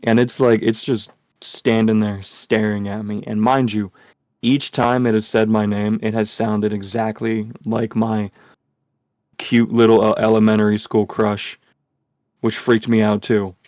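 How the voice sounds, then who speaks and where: A man's voice: on the low side, level tone, a little slow, darkish tone, no room sound. A man hosting a podcast, telling a story casually, rambling with lots of swearing and filler words. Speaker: podcast host. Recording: dull lo-fi sound.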